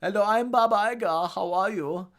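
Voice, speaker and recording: A man's voice: high-pitched, normal speed, fairly bright tone, pitched above the performer's own voice. A man putting on a pompous, saintly male executive who speaks like a pope, with a mock German accent and solemn blessings. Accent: put-on German.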